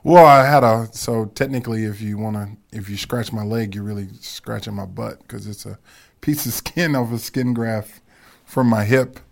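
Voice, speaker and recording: A low-pitched man with a gravelly edge to his voice spins stories in a relaxed podcast chat. He laughs easily as he talks, a guest swapping tales with the hosts. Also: moderate pace. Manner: storytelling, laughs while talking. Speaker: guest, football coach.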